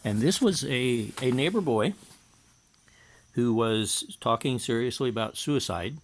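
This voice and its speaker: A man's voice: mid-range voice, lively intonation, measured pace, slight background noise. A middle-aged man, a hypnotherapist, telling a personal story in a casual, matter-of-fact way while reading and translating from his notes.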